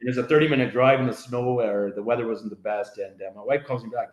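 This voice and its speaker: A man's voice: medium pitch, fast, hardly any pauses, lo-fi sound. A middle-aged man telling a story as a podcast guest, rambling with many fillers and acting out what his family said. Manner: rambling, full of fillers, acts out quoted family voices. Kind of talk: casual storytelling. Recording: roomy echo.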